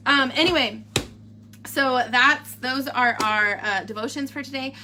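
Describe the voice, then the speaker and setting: A woman's voice: sits high, a little slow, noisy background. A woman, chatting in a rambling, casual way, reading a devotional and giving a family update, sometimes close to tears. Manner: chatty, rambling, with fillers and laughs. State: emotional, near tears at times. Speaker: vlogger sharing a family update.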